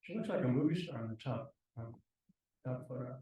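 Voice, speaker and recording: A man giving a slideshow lecture at a university, relaxed and halting, with frequent ums and restarts. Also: medium pitch, slight background noise. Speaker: guest lecturer. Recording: echoey lecture room from far off.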